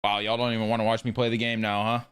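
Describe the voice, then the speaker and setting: A man's voice: fairly low pitch, flat delivery, very fast, a bit bright, clear, resonant tone. A man live streaming a video game, chatting with his viewers in a casual, joking way and swearing freely. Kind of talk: live stream chat while gaming.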